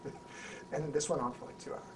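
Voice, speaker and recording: A man, an actor being interviewed, tells an anecdote in an animated way, restarting and repeating words as he goes. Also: quick pace. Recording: voice a bit far from the mic, faint background hum.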